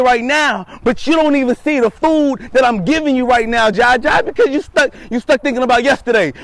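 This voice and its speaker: A man's voice: extremely high pitch, a bit bright, dry recording. A man voicing God as a stern male divine voice who presses his point by repeating lines, sometimes raising his voice. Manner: insistent, repeats lines for emphasis.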